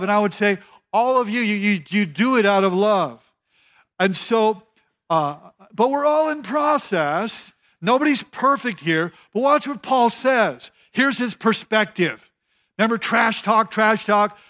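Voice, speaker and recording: Male pastor with a high voice, preaching in a casual, emphatic tone. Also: animated, measured pace, a bit bright. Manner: conversational, emphatic, repeats phrases. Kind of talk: sermon.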